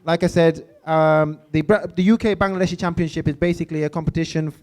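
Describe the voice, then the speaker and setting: Brief: male event host, high voice, loose unscripted announcements. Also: steady tone, quick pace, darkish tone. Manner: unscripted, frequent ums and uhs. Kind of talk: presenting at an awards evening.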